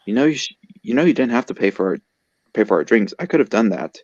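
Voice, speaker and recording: A man's voice: on the low side, animated, fast, darkish tone. Brief: friendly, courteous cartoon young man, a man reading it, close, lo-fi sound. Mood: polite. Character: polite young male cartoon character.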